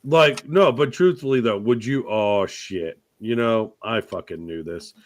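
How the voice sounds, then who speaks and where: A man hosting a casual podcast chat, telling rambling, profane comic stories with loud outbursts. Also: fairly low pitch, a little slow, no echo, studio quality. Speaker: podcast host.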